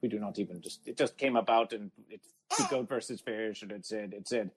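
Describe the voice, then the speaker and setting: A man with a lowish voice speaks a little fast with few pauses, hosting an absurdist comedy podcast. He talks about himself in the third person, avoids contractions, and chants his catchphrases. The low-quality phone app audio picks up crowd noise.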